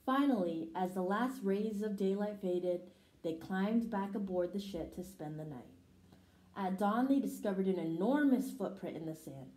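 A woman reading a children's picture book aloud in an expressive storytelling manner. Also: medium pitch, normal speed. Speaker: storybook reader. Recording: roomy echo.

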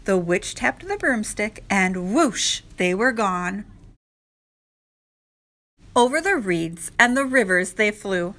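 A woman teacher reading a rhyming picture book aloud to children, slow and expressive. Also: mid-range voice. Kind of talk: children's read-aloud narration.

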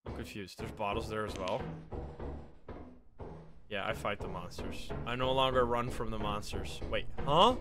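A man streaming a game live, talking to himself and his friends in an excitable way, swearing and laughing often. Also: on the low side, moderate pace, pauses often, music in the background. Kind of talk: casual live gameplay commentary.

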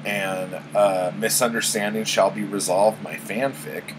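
A man recaps a book in a loose, rambling way, swearing often and leaning on fillers. His voice is fairly low and his pace slow and unhurried. An air conditioner hums steadily in the room. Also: steady tone, noisy background. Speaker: book vlogger. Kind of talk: casual spoken book recap.

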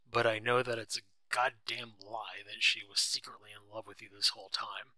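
A man reading the part of a brash, quick-tempered wealthy husband who shouts when angry. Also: fairly low pitch, level tone, no room sound.

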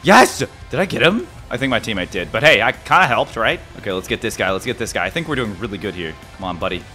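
A man giving excited gameplay commentary as a gaming YouTuber, yelping and repeating himself as the action unfolds. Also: fairly low pitch, very fast, soft background music. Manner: excitable, yelps and repeats phrases.

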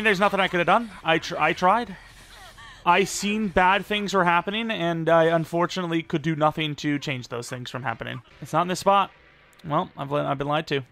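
A young man giving rambling, self-deprecating live commentary over a video game, with sudden excited outbursts. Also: fairly high pitch, vocal fry. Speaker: gaming YouTuber.

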